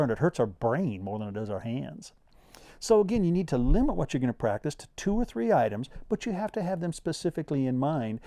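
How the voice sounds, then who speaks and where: A middle-aged man teaching bass students how to practice, talking earnestly and casually to camera. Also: mellow, no room sound. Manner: earnest, conversational coaching with quoted student voices. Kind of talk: direct-to-camera music lesson.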